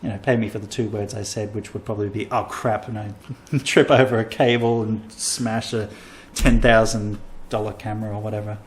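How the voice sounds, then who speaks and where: A man's voice: on the low side, little pitch movement, a little fast, few pauses, slight background noise. A man hosting a casual comedy podcast, rambling and self-mocking as he tells a travel story. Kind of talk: casual chat.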